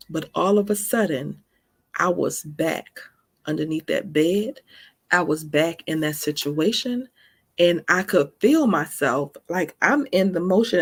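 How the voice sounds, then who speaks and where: A gravelly, slightly rough woman's voice sits on the low side. She's in her forties and hosts a faith podcast, sharing a candid personal testimony in an earnest, conversational style and often asking "right?"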